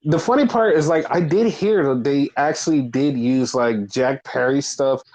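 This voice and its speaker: A man's voice: medium pitch, normal speed, darkish tone, poor audio. A man co-hosting a casual podcast, swearing freely and acting out quotes in mocking voices. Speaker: podcast co-host. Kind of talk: casual chat.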